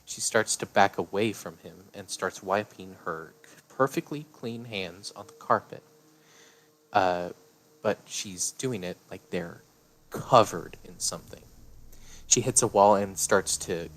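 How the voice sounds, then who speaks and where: A man's voice: low-pitched, slow pace, a little hiss or hum, rough recording. A man narrating a story live, plain and matter-of-fact, with occasional "uh" fillers.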